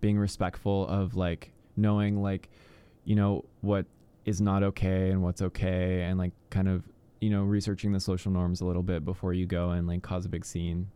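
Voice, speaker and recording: A young man co-hosting a radio show, his voice low and smooth. He talks in a loose, rambling way, with "like" in almost every line. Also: monotone, normal speed, warm tone. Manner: rambling, heavy with "like" fillers. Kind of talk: casual radio chat.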